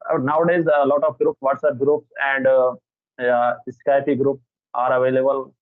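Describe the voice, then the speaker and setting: A man's voice: medium pitch, level tone, moderate pace, dry recording. A man with an Indian English accent, a guest in a casual chat, speaking hesitantly with frequent fillers. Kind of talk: casual conversation. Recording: dry tinny phone line.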